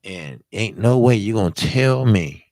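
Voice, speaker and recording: A man hosting a live-streamed boxing talk show, hoarse from talking all day, giving blunt, emphatic and profane commentary while greeting viewers. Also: on the low side, lively intonation, measured pace, a little mellow, no room sound.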